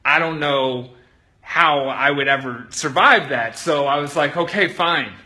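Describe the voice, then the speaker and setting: A man's voice: medium pitch, unhurried, bright, forceful tone. A man telling a profane, sarcastic comedic story as a monologue.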